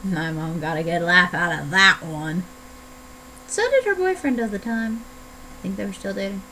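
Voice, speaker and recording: A young Canadian woman chatting casually on her vlog, playful and rambling, often jumping into high excited tones. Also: slight background noise, poor audio. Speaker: vlogger.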